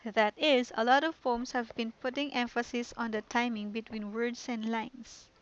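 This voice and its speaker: A woman voicing a poised, confident teenage girl who leads a club, reading game dialogue aloud in a calm, gentle way. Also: fairly high pitch, moderate pace, highs cut off, natural voice. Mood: friendly.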